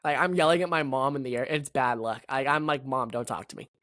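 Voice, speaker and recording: A man's voice: medium pitch, fast talker, a bit bright. A man co-hosting a casual sports podcast, ranting bluntly in a grumbling way. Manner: grumbling rants, blunt picks. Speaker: podcast co-host.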